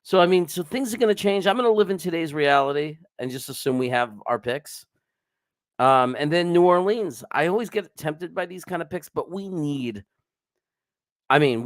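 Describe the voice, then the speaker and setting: A man hosts a casual live stream, rambling and chatting, greeting viewers by name and swearing now and then. His voice sits at an ordinary middle pitch. The sound is dry and close, with no room echo. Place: home setup with screens.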